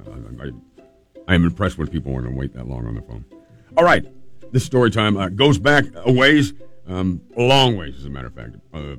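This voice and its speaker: A middle-aged man from California, host of a storytelling show, telling a childhood story in a relaxed, chatty way with restarts. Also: low voice. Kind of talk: casual personal storytelling.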